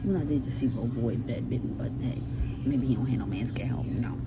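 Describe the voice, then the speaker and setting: A young woman in her twenties from Baltimore, with a Baltimore accent, telling stories in an animated, slangy vlog chat from her car. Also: a bass voice, fairly quick, creaky. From Baltimore, Maryland. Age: 20s. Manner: animated storytelling, loud put-on shouting in retold quotes, swearing slang. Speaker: vlogger. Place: in a car and around town. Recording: noisy phone vlog with car and street noise.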